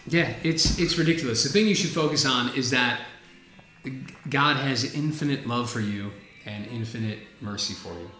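A man co-hosting a casual faith talk, animated and candid, with casual swearing. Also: mid-range voice, moderate pace, roomy sound, faint music behind. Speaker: podcast co-host.

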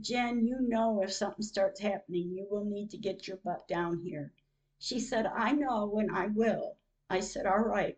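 A woman's voice: mid-range voice, darkish tone, poor audio. An older woman narrating her own day as a diary, reading out times and messages, emotional at times. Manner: reads out dated entries and messages, emotional. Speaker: podcast host. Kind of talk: diary-style personal narration.

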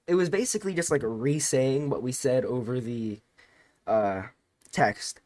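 A teenage guy recounting a story on a podcast, rambling and animated, stopping and restarting mid-sentence. His voice sits at a middle pitch, and the recording is dry and close, with no room sound. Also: measured pace, no echo. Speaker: podcast co-host. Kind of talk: casual storytelling chat.

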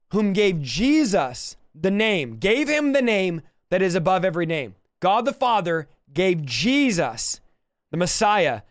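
A man's voice: sits high, clear, resonant tone, no room sound, studio quality. A man preaching and praying with fervent, repetitive exhortation. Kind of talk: sermon with prayer.

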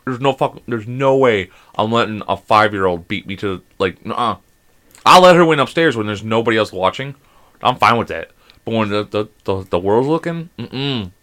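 A man in his thirties who hosts a podcast, telling stories in a lively, animated way and swearing a lot. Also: lowish voice, moderate pace. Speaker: podcast host. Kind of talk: casual podcast chat.

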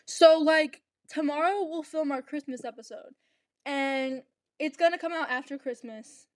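A young woman co-hosting a podcast in casual chat, chatty and playful with quick asides. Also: sits high, no room sound. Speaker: podcast co-host.

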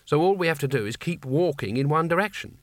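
A man voicing a blunt, practical young woman who speaks briskly. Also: fairly high pitch, expressive, no echo, clean studio sound, natural voice. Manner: brisk, no-nonsense.

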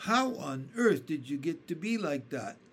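An earnest, polite young boy, as a man reading a storybook puts him on. The voice is a touch high and expressive, delivered slowly. It sounds like a storybook read aloud. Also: a little hiss or hum, full character voice.

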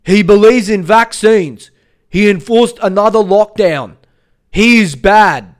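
Man doing a loud, high, blustering male pundit, declaring everything. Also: slow pace. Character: blustering loud male political commentator impression.

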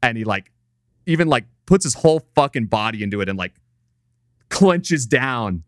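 A man's voice: mid-range voice, expressive, normal speed, dry recording, studio quality. A man in casual chat on a podcast, retelling an anime scene in a loose, profane, filler-heavy way. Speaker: podcast co-host.

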